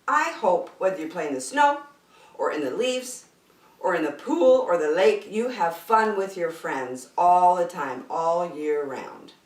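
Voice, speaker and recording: A woman reading a children's picture book aloud with slow, expressive delivery. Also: lowish voice. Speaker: children's storyteller. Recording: roomy, from a distance.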